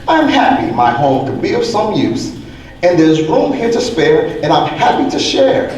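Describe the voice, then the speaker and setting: Brief: man voicing a good-natured male moose, lively high delivery, distant and echoey. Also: measured pace. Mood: welcoming. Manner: warm-hearted, welcoming, later baffled. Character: big-hearted, generous male moose. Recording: echoey hall from far off, faint noise.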